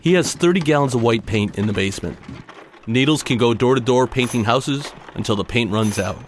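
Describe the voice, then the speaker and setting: A man's voice: mid-range voice, fairly quick, slight background noise. Man telling a story in punchy phrases. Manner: punchy, short clipped phrases. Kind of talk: dramatic personal storytelling.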